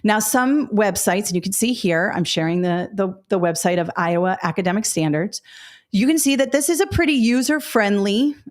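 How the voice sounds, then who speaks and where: Hosting a live teaching webinar, a middle-aged woman speaks in an animated, mid-range voice at a moderate pace. Her style is casual and direct, full of fillers and side remarks.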